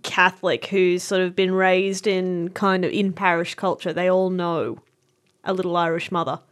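A woman co-hosting a casual chat, telling lively stories, laughing often and restarting mid-sentence. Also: lowish voice, moderate pace. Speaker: podcast co-host.

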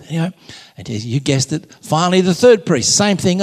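A man's voice: on the high side, brisk, hardly any pauses. Man talking in a big reverberant hall. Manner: relaxed storyteller, jokey. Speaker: Catholic speaker. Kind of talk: live faith talk to an audience.

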